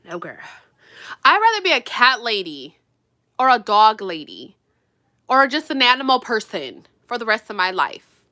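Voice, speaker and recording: A young woman vlogging while getting ready, talking bluntly and with lots of swearing, swinging between loud outbursts and low mutters. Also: normal speed, pauses often. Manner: animated, blunt and profane, drops to mutters. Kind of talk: casual get-ready-with-me rant.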